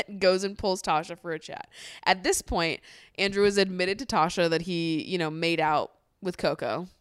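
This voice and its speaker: A woman's voice: on the low side, normal speed, clear, resonant tone, dry recording, clean studio sound. A woman hosting a podcast in casual chat, candid and blunt, swearing freely and laughing often. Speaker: podcast host. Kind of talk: casual chat recapping a reality show.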